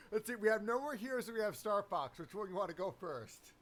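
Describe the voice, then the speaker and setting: A man's voice: high-pitched, animated, normal speed, fairly bright tone, slight background noise. A man hosting a stream, chatting casually and crudely, joking with a co-host. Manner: crude, joking, breaks into silly voices.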